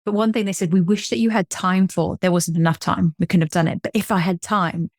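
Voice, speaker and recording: Chatty English woman, fairly low voice. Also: fairly even intonation, brisk, no echo, clean studio sound. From England. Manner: chatty, laughs often, playful. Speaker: podcast co-host and coach. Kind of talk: casual chat.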